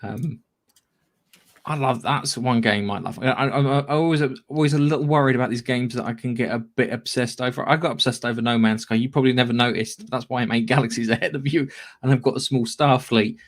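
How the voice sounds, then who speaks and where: A man's voice: medium pitch, fairly quick. A man co-hosting a casual gaming podcast, rambling and swearing freely, laughing often. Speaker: podcast co-host. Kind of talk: casual chat.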